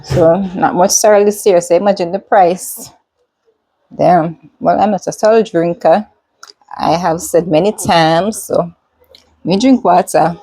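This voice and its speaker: A woman with a Jamaican accent chatting casually in a vlog, relaxed and slipping into patois. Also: on the low side, measured pace, slightly rough, low-quality recording. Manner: relaxed, mixes patois into chat. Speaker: vlogger.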